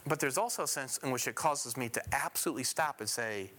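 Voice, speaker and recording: A man's voice: mid-range voice, fast talker, hardly any pauses, pushed and bright. A man teaching a Bible passage verse by verse. He emphasizes key phrases and puts questions to his listeners before answering them himself.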